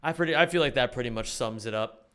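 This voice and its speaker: A man reacting on a live stream, animated and thinking aloud with casual swearing. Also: medium pitch, fast talker, smooth.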